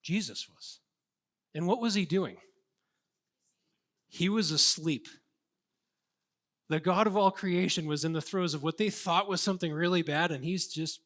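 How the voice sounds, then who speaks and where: A man's voice: sits high, a little slow, long pauses, fairly bright tone. A man preaching a sermon as a pastor, earnest and conversational, with casual fillers.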